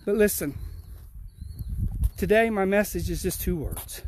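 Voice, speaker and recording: A man with a high voice preaches in steady, repeating phrases as he walks uphill outside. He sounds slightly out of breath, speaking into a handheld phone. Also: a little slow, pauses often, a little hiss or hum. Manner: earnest, repetitive preaching cadence. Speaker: pastor. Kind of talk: outdoor livestream devotion. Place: outdoors on a rural hill.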